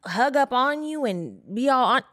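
Young woman podcast host spilling a story, kinda high voice, jumps up for quotes, dry sound. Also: normal speed, no room sound. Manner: animated storyteller who acts out quotes in higher voices. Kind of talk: casual chat, storytelling.

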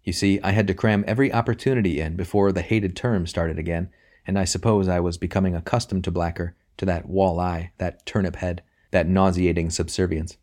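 Deep-voiced male audiobook narrator. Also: fairly even intonation, a little fast, darkish tone. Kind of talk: audiobook reading.

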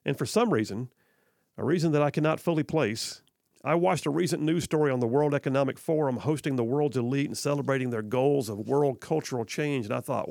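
A man's voice: medium pitch, a little fast, gravelly, darkish tone, no echo. A male talk radio host, giving opinionated, sarcastic commentary in a conversational way from a radio studio. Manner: conversational, sarcastic, many "I mean" asides. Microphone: studio microphone.

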